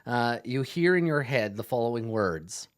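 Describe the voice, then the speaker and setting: Lively game master with a hesitant delivery. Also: male voice, mid-range voice, normal speed. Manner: lively, full of fillers and restarts. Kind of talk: narrating a tabletop game.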